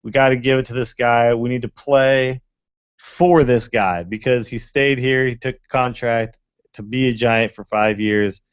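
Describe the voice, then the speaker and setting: A man's voice: medium pitch, steady tone, measured pace, clean tone, no room sound, dull audio. A man co-hosting a podcast, talking in a casual, enthusiastic and rambling way with lots of fillers. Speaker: podcast co-host. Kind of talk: casual sports chat.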